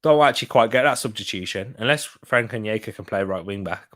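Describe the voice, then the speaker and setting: A young man doing live watch-along commentary of a football match, reacting loudly to chances and chatting to viewers. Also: on the low side, fast.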